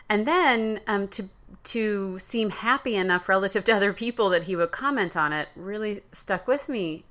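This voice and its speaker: A woman talks through a personal story on her podcast, loose and conversational, stopping to correct herself. Her voice is bright and clear at an ordinary pitch. She wanders into asides and comes back to the point. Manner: chatty storytelling with fillers and self-corrections. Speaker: podcast host. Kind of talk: casual solo podcast monologue.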